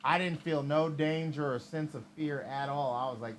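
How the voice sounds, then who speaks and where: A man's voice: a little high, fairly even intonation, normal speed, a little hiss or hum. Profane man rambling through a story. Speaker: livestream host. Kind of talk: casual storytelling.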